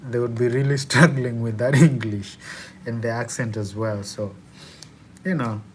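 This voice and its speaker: A man's voice: medium pitch, a little mellow, a little hiss or hum. A young man from Kenya with a Kenyan accent, chatting casually and laughing often as he hosts a live Q&A. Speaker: student and live-stream host.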